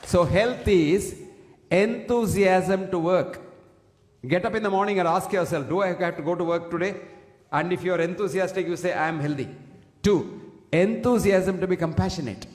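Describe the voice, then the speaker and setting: A man's voice: high-pitched, quick pace, a faint crowd. A man giving an emphatic public health talk to an audience, standing at a single microphone and often asking the listeners questions. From India. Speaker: speaker addressing an audience. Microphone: single fixed microphone, standing. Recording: echoey hall with long reverb.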